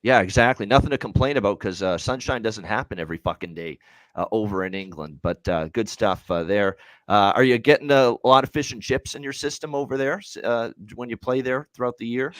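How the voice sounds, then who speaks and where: Low-voiced casual male podcast host. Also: brisk, no echo. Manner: loose, chatty, swears casually. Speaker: host of sports betting show.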